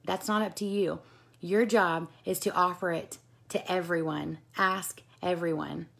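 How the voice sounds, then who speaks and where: A woman's voice: fairly low pitch, steady tone, a little slow, gravelly, a bit bright. A woman who directs a direct-sales team, giving an earnest motivational talk to her team and repeating key phrases for emphasis.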